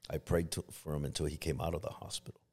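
This middle-aged pastor from the Los Angeles area tells a personal story in a podcast interview, restarting often and acting out what others said. His voice is a rumbling low one, a little mellow, with little pitch movement and a fast pace.

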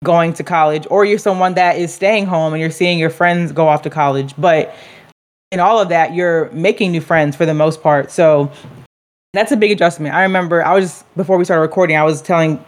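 A woman's voice: fairly low pitch, a little fast. A young woman co-hosting a casual chat, rambling with frequent "like" and restarts. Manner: rambling, many fillers and restarts. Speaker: co-host.

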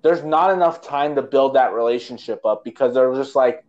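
A man's voice: medium pitch, animated, normal speed, a little mellow, highs cut off. A man co-hosting a casual movie-review chat, rambling and sarcastic, with many restarts. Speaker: podcast co-host, movie reviewer.

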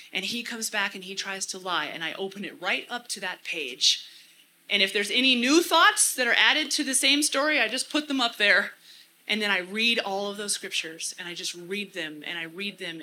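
A woman's voice: medium pitch, pushed and bright, slight background noise, rough recording. A woman giving an earnest church talk, often repeating phrases for emphasis. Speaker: church speaker. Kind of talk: casual teaching talk.

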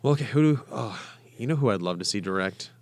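Dude joking around on a podcast, laughs a lot, dry close sound. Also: male voice, fairly low pitch, lively intonation, fast talker, no room sound. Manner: jokey, often breaks into laughter. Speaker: podcast co-host. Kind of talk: casual chat.

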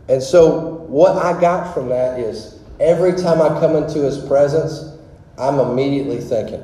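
A man's voice: medium pitch, moderate pace, warm tone. A man preaching a casual, rambling testimony sermon full of fillers. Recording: very echoey hall with long reverb.

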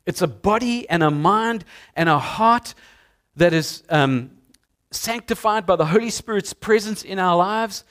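High-voiced male pastor preaching. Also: animated, unhurried, a bit bright. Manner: conversational preaching, jokes with the congregation. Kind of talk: sermon. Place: church sanctuary.

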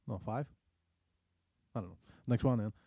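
A young man, co-hosting a casual podcast chat and swearing freely as he gets animated. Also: fairly low pitch, normal speed, vocal fry, slightly rough, dry recording. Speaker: podcast co-host.

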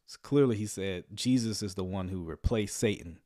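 A man giving casual livestream commentary on a sermon, sarcastic and rambling, often chuckling and filling pauses with "um.". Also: fairly low pitch, dark tone. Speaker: online commentator reacting to a sermon.

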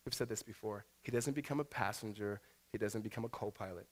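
A man's voice: lowish voice, fast. A middle-aged man, a pastor, preaching a sermon in a church, telling a personal story with many fillers and restarts, then leading a prayer. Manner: animated storyteller with fillers and restarts, rising to loud excitement.

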